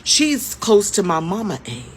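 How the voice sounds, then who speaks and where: A woman's voice: mid-range voice, big pitch swings, a little slow, slight background noise. A woman in her fifties telling a story to camera in a casual way, emphatic, repeating her points and asking rhetorical questions. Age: 50s.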